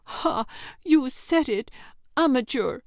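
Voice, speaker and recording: A woman narrator voicing a frightened, sarcastic young girl exploring a cave, her voice shrill and quavering. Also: animated, slow pace, darkish tone, no room sound, studio quality, exaggerated voice. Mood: angry, sneering. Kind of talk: audiobook character reading.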